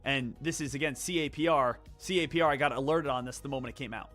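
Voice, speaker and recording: A man's voice: medium pitch, quick pace, faint music behind. A man hosting a live day trading stream, talking casually and rambling with lots of fillers. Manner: rambling, animated, many fillers.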